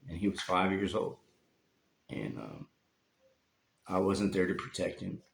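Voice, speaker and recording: A man telling a painful personal story from his life, speaking haltingly with long pauses and fillers. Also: low voice, very animated, vocal fry. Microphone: phone. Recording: roomy phone recording.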